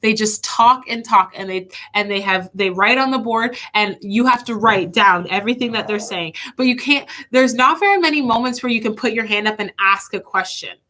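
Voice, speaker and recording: Bright, earnest young woman telling a story. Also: a little high, moderate pace, hardly any pauses. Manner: earnest, chatty, addresses listeners as guys. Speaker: kids' ministry speaker. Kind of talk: storytelling kids' church talk.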